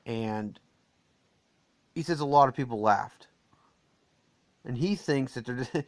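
Solo podcaster, American male, slow and meandering, dry close sound. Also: medium pitch, no room sound. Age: adult. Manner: rambling, digressive, with many "uh"s and restarts. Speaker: podcast host. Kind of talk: casual solo podcast monologue.

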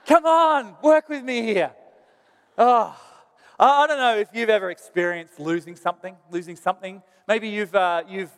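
A man's voice: high-pitched, clean tone, in a large hall. A man, a pastor telling a self-deprecating story in a sermon.

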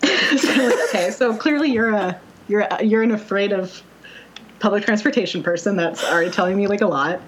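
A woman's voice: mid-range voice, brisk, slight background noise, rough recording. A young woman chatting casually, telling a dating story in a rambling way, full of fillers and wry quoted asides. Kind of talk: casual chat.

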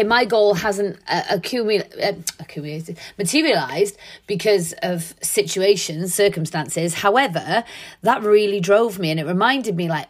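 A middle-aged woman, giving an earnest, conversational motivational talk full of fillers. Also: mid-range voice. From Wales. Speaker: podcast host. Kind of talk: motivational monologue.

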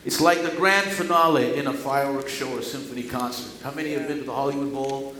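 A man preaching a sermon to a congregation, swinging between loud, emphatic scripture reading and quiet, chatty asides. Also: a little high, fairly even intonation, fairly quick, few pauses, slight background noise. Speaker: pastor. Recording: echoey room with faint ambience.

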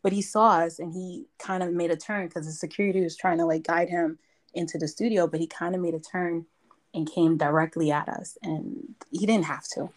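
A woman from Brooklyn, a podcast guest, excitedly retelling a story with emphatic repetitions. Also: fairly low pitch, fairly quick. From Brooklyn, New York. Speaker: interview guest. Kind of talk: casual storytelling.

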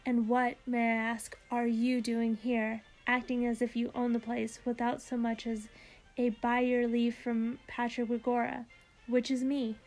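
A woman's voice: on the high side, flat delivery, unhurried, darkish tone, soft background music. A woman reading aloud as a feisty, stubborn little male leprechaun with old-fashioned phrasing. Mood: indignant.

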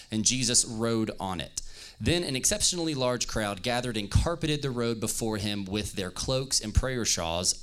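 Playful male pastor, bright tone, animated delivery, reads scripture. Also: medium pitch, clean tone. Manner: playful, joking with the audience, reading scripture aloud. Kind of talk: lively youth-service sermon with scripture reading.

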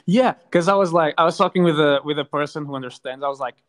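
Hesitant man, a bit higher voice. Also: fast talker. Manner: hesitant, many fillers and restarts, playful. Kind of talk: casual chat.

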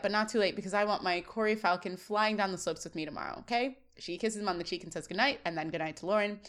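A woman co-hosting a podcast, recapping a sitcom episode in casual chat and acting out the lines as she goes. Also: on the low side. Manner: animated retelling, acting out lines. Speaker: podcast co-host.

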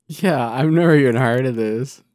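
A man's voice: mid-range voice, normal speed, darkish tone, no room sound, studio quality. A man co-hosting a podcast, chatting casually with laid-back joking asides. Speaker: podcast co-host. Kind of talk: casual chat.

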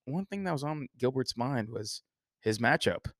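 A man's voice: mid-range voice, expressive, normal speed, fairly bright tone, dry recording, clean studio sound. A man hosting a casual sports podcast, joking and rambling through banter with his co-host. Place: Texas.

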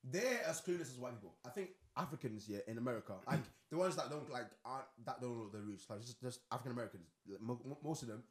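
Fast-talking young man, animated. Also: medium pitch. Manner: animated, laughing, mock-outraged rants. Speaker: co-host. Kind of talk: casual chat.

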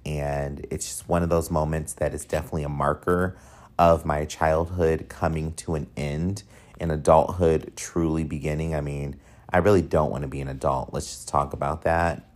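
A man's voice: low-pitched, a little mellow. A young man hosting a casual solo podcast, chatty and rambling, with frequent asides and filler words. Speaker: podcast host.

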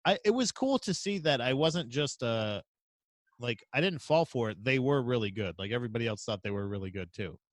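Man, podcast co-host, rambling, swears a lot, mid pitch, dry close sound. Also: brisk, no echo. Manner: rambling, profane, animated storytelling. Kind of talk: casual chat.

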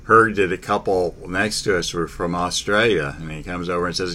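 A man hosting a casual sports talk chat, halting, with many fillers and restarts. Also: sits low, steady tone, gravelly, bright, forceful tone, a little hiss or hum.

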